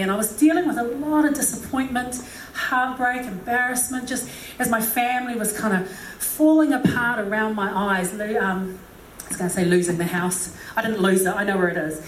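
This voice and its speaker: A woman's voice: medium pitch, recorded from a distance. A middle-aged woman giving a humorous, self-deprecating talk, often laughing and acting out quotes. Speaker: speaker. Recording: echoey hall with faint noise.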